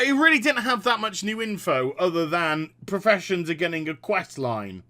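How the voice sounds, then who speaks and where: A man's voice: high voice, pushed and bright. A man giving a profane, exasperated reaction commentary as a gaming vlogger, sarcastic and cutting.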